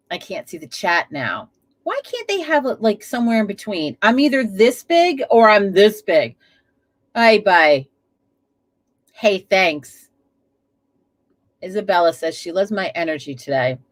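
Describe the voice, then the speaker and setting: A woman's voice: medium pitch, big pitch swings, unhurried, pauses often. A woman hosting a casual live stream from home, chatty, laughing often and swearing freely. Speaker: livestream host. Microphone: webcam setup at a desk.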